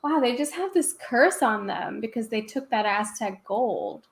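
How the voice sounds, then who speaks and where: A woman's voice: on the high side, animated, measured pace, creaky, roomy sound. A woman teaching artist in casual conversation, talking freely and leaning on lots of "like" and "um" fillers. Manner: chatty, many "like" and "um" fillers. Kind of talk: casual chat while working.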